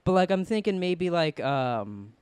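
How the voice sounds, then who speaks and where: Young male co-host, excitable rambler, slightly high and smooth. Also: measured pace, dry recording. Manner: excited, rambling with many "like"s and restarts. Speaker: podcast co-host. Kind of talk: casual TV review chat.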